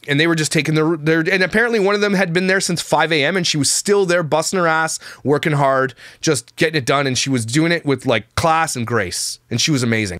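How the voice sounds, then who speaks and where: A man's voice: fairly high pitch, fairly bright tone, no echo, clean studio sound. A young man telling a story to his channel in a casual, exasperated rant, with frequent restarts and voices for the people he quotes.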